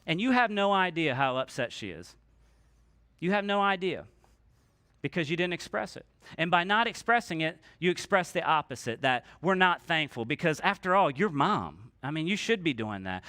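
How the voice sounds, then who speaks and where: High-voiced man preaching a sermon. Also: lively intonation, fairly quick, pushed and bright, dry recording. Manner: conversational, acts out quoted voices, asks the congregation to repeat lines. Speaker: pastor. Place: church sanctuary.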